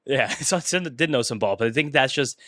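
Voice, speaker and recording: A young man, co-hosting a podcast and talking fast through baseball stats. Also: mid-range voice, animated, pushed and bright, dry recording, studio quality. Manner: fast, analytical, stat-heavy. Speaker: podcast co-host. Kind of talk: casual sports talk.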